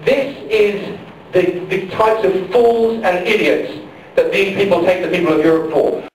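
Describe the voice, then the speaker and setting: Speaking a little slowly in a high-pitched voice, a middle-aged campaign speaker delivers an impassioned political speech at a public forum, repeating questions and phrases for emphasis. He's in a large public hall during a power failure, captured from far off with heavy echo and faint noise.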